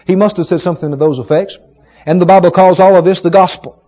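A man preaching a sermon, retelling a story with emphatic, dramatic rising shouts. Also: sits high, steady tone, quick pace. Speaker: pastor. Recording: dull lo-fi sermon recording.

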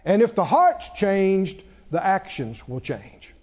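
A man's voice: sits high, wildly swooping pitch, slow, darkish tone. A man preaching a sermon to his congregation, calling for responses and laughing often. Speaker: pastor. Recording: dull echoey hall recording.

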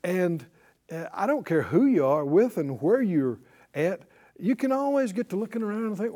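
A man's voice: sits high, sing-song, moderate pace, mellow. A middle-aged man preaching a sermon to a congregation, drawing out emphatic phrases and calling for responses. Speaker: pastor.

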